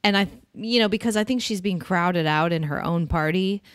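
A woman's voice: fairly low pitch, normal speed, clean tone, dry recording, studio quality. Blunt, opinionated woman podcast host. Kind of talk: casual political chat.

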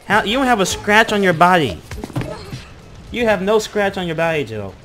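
A man's voice: sits high, sing-song, normal speed, fairly bright tone, faint music behind. A man giving let's-play commentary, exclaiming, swearing and mocking what happens on screen. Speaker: gaming commentator.

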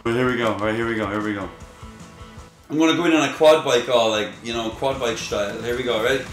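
A young Irish man giving excitable, casual commentary while streaming a game, with sudden loud shouts and laughs and casual swearing. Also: mid-range voice, fast talker, echoey room, soft background music.

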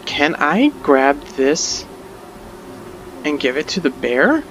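A man's voice: a little high, measured pace, dull audio, slight background noise. A man playing a survival game, reacting aloud in panicky, exclamatory bursts and talking to himself. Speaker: gamer. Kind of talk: let's play commentary.

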